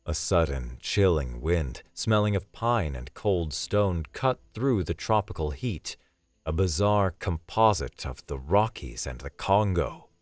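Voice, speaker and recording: A man with a deep, low voice reads a scripted sci-fi story. His delivery is steady and dramatic. The sound is dry and close. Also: measured pace, no room sound, soft background music. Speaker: narrator.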